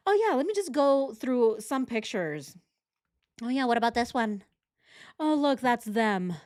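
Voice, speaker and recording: A woman's voice: on the high side, big pitch swings, measured pace, a little mellow, no echo, studio quality, voice pushed up. A woman mockingly voicing an evasive man who pretends to be innocent.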